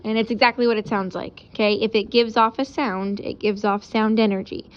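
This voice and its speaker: A woman teacher giving a casual recorded lesson, explaining out loud while she sketches examples. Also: mid-range voice, steady tone, a little fast, smooth, lo-fi sound.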